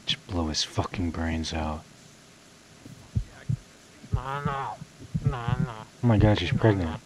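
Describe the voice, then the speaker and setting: A young man casually commentating his video game playthrough, swearing freely, laughing often and bursting into excited outbursts. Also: sits low, moderate pace, a crowd in the background. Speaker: gaming streamer. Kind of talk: casual let's play commentary.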